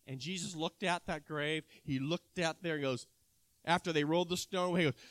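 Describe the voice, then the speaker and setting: A man preaching a sermon, retelling a scripture story with animated storytelling and emphatic bursts. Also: on the high side, moderate pace, pauses often, no echo.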